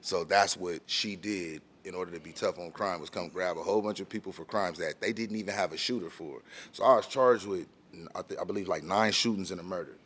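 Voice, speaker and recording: A man from San Diego County, a rapper guest on a podcast, telling a long story quickly and acting out the voices of the people in it. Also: sits low, a bit bright. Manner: fast, rambling, acts out quoted voices. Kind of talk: storytelling in casual podcast chat.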